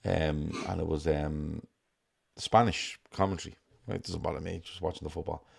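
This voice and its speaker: A man's voice: rumbling low, fairly even intonation, moderate pace, creaky, husky. A man with a Dublin accent co-hosting a football fan show, chatting casually, swearing freely and telling rambling stories. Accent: Dublin Irish. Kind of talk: casual podcast chat.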